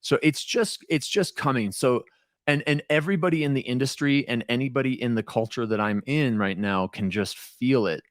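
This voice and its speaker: Slightly stoned and very talkative, this podcast guest, once a co-host himself, rambles and keeps starting his sentences over. He speaks at medium pitch and moderate speed, and the studio recording has no echo.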